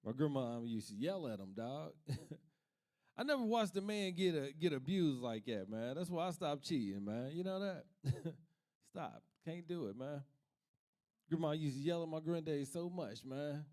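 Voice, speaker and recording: A comic from Kentucky works through a stand-up set built on family stories. He keeps a laid-back storytelling pace and often laughs at his own jokes, in a voice that sits slightly high for a man. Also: animated, measured pace, a little mellow. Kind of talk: stand-up comedy.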